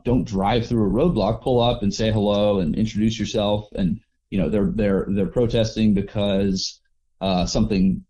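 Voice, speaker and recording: Male guest, easygoing storyteller; lowish, dark, mellow tone. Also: lo-fi sound. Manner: relaxed, rambling with restarts and acted-out quotes. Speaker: overland traveler guest. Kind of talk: casual storytelling interview.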